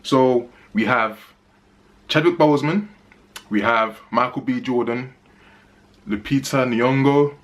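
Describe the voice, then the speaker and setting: A man's voice: medium pitch, slow pace, pauses often. A man giving a casual spoken movie review, chatty and emphatic, repeating phrases for stress.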